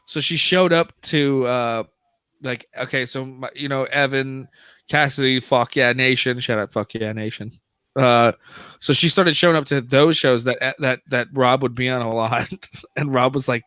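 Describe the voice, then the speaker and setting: Male podcast host, bright tense tone, dry close sound, loose profane storyteller. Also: medium pitch, unhurried, smooth, dry recording. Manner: rambling storyteller, swears, restarts often. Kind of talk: casual chat.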